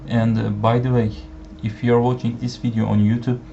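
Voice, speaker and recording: A man whose first language is Turkish gives an online language lesson, speaking slowly with many fillers and repeating each example phrase. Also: mid-range voice, flat delivery, gravelly, warm tone. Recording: dull lo-fi sound with faint background hiss.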